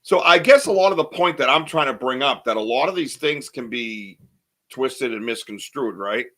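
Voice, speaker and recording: Bright-voiced rambling podcast host, a man. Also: medium pitch, lively intonation, normal speed. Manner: rambling, chatty, many fillers and restarts. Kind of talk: casual live-stream chat, reading viewer comments.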